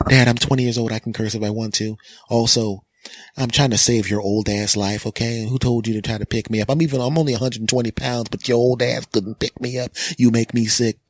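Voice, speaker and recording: A man's voice: mid-range voice, steady tone, fairly quick, no room sound, close to an everyday voice. A man voicing his grown daughter, about twenty, who scolds him in a sassy, foul-mouthed way. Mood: scolding. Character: mocking young adult daughter, about twenty.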